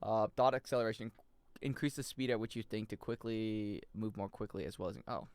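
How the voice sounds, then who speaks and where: A young man streaming a video game, chatting casually, muttering over menus and jumping into loud, high yelps. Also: fairly quick, clear, resonant tone. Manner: excitable, jumps into loud high yelps and laughs; mutters menu options to himself. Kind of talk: casual gameplay commentary.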